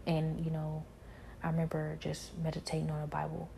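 Low, flat, gravelly-voiced woman testifying. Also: slight background noise. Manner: earnest, halting, many restarts and filler phrases. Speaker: believer sharing a personal testimony. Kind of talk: personal religious testimony.

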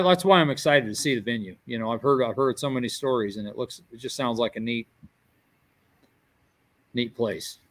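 A man's voice: mid-range voice, fairly bright tone, dry recording. A man hosting a podcast, chatting in an easygoing, rambling way with lots of fillers. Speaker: podcast host. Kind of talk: casual chat.

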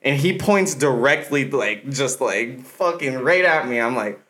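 A man's voice: medium pitch, lively intonation, unhurried, fairly bright tone. A man casually telling profane baseball-fan stories among friends, acting out the people he quotes. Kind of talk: casual storytelling chat.

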